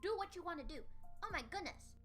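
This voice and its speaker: A young woman streamer chatting casually about an anime, excitable and prone to squeals and laughter. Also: very high voice, fast. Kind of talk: casual anime discussion livestream. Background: faint background music.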